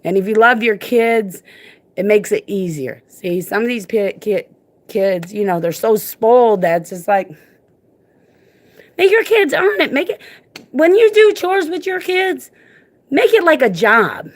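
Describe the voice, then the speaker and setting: A woman's voice: on the high side, sing-song, measured pace. A woman speaking emphatically into her phone in a casual vlog rant, informal and repetitive, often saying "look". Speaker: parent vlogger and advocate.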